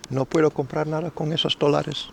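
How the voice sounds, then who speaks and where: A man's voice: a little high, vocal fry, slight background noise. Man doing a mock Spaniard fussing over dollars. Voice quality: exaggerated mock Spanish accent. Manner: teasing, playful impression of a viewer.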